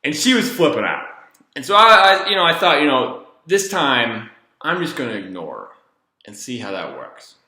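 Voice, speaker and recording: A man, a former treatment counselor, telling a personal story in a casual, rambling, animated way. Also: mid-range voice, normal speed, echoey room.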